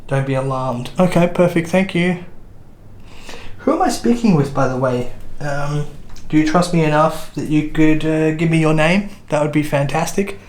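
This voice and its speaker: A man's voice: fairly high pitch, moderate pace. A man hosting a ghost hunt, politely and earnestly addressing spirits in an old jail cell, with chatty asides. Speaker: paranormal investigator host.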